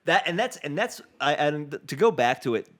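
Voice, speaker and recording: A man's voice: on the high side, very animated, normal speed, fairly bright tone. A young man telling a story in a podcast interview, acting out the people he quotes. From Boston. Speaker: comedian guest.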